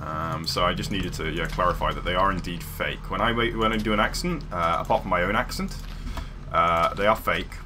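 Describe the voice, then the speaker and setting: Low-voiced, rambling British streamer. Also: male voice, normal speed, noisy background. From UK, near London. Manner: rambling, many fillers and restarts. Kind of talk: casual livestream chat while gaming.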